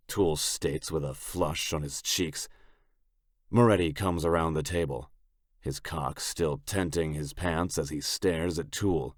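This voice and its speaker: A man narrating a romance audiobook in the first person, with a slow, level, gruff delivery. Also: rumbling low, steady tone, no echo, studio quality.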